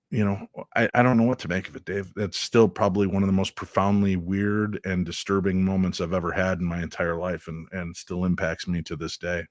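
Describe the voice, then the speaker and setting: A man as a radio guest, recounting a personal experience in a halting way with many fillers. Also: low voice, dry recording, clean studio sound. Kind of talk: radio interview storytelling.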